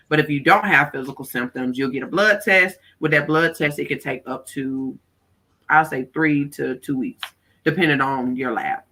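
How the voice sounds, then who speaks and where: A woman in her thirties, a guest life coach, telling a candid personal story in an animated way and acting out what others said. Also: extremely low pitch.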